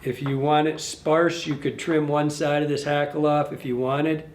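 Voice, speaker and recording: A man's voice: fairly high pitch, little pitch movement, moderate pace, echoey room, slight background noise. A man giving a casual hands-on fly tying tutorial, rambling and correcting himself, and talking to the fly as he works. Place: fly shop tying bench.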